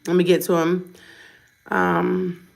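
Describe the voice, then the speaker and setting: A woman's voice: fairly low pitch, monotone, slow pace, creaky. A tired woman vlogger and mother, talking straight to camera in a blunt, defiant, chatty way. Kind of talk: unscripted direct-to-camera rant.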